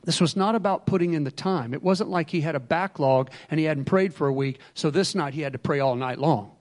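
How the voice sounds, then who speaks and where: High-voiced, animated male preacher. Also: a little fast. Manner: animated and humorous, swinging from soft to loud. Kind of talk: sermon.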